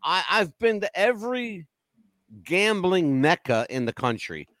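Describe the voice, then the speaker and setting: A man co-hosting a casual roundtable chat, joking around and laughing loudly. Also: high-pitched, a little slow, dry recording. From United States. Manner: animated, joking, loud laughs. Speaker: co-host.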